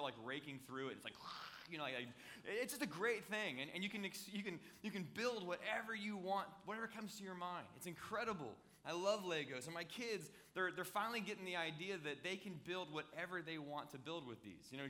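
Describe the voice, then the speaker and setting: A man in his thirties, a pastor, giving a conversational sermon with jokes and props. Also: fairly high pitch. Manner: conversational, joking, animated with props.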